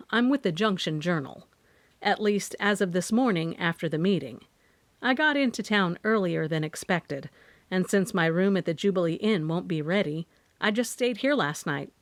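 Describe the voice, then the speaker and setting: A woman's voice: on the low side, expressive, a little slow, no echo. A woman voicing a tired, cocky young male journalist who speaks in an easygoing, teasing way. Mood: wry.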